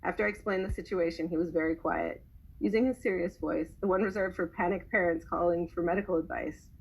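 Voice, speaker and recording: A woman reads a personal story aloud at a measured pace, slowing down to lean on key words. Her voice sits a little low and is husky, with a breathy grain. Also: fairly even intonation, rough recording. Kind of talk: reading a memoir aloud.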